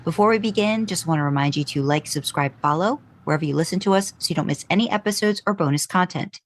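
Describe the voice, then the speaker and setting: A woman co-hosting a podcast in a casual chat, playful and quick to laugh, who likes to play with words. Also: lowish voice. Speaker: podcast co-host.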